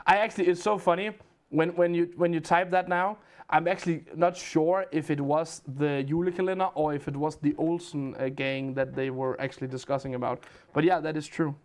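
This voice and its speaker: A man's voice: fairly high pitch, fairly even intonation, brisk. A man from Denmark with a Danish accent, a livestream host telling rambling stories and answering chat questions in casual chat.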